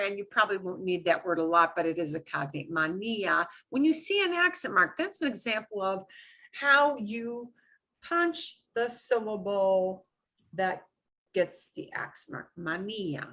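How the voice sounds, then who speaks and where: A woman's voice: mid-range voice, pushed and bright. A woman teaching a beginners' Spanish class, patiently drilling pronunciation and having students repeat words. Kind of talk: online class lesson.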